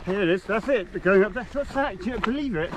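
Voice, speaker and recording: A man's voice: sits high, lively intonation, brisk, background noise. A man chatting playfully with his running partner outdoors on desert hills, teasing and joking. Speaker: running companion. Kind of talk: casual banter.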